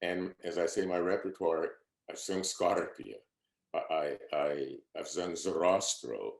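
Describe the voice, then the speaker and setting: Speaking from home over a video call, this older opera singer reminisces earnestly and humbly about his career for an oral history interview, repeating quoted speech along the way. His voice is low, unhurried and creaky, with a reverberant quality.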